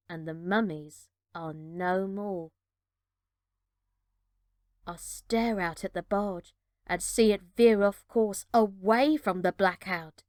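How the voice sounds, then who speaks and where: A woman reading a children's adventure storybook aloud with measured, dramatic narration. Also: mid-range voice, no room sound, studio quality.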